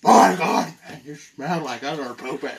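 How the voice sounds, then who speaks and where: Goofy high-voiced man hamming it up. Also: creaky, husky. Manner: exaggerated silly voice, drawn-out whiny delivery. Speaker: vlogger. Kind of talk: goofy comedy skit.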